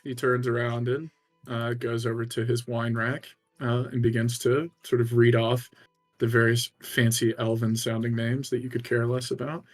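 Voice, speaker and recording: Guy dm narrating a d&d session, easygoing, lots of uh and like, soft music under it. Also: medium pitch, level tone, normal speed. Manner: casual, lots of "uh" and "like", laughs along. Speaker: dungeon master. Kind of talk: narrating a tabletop game.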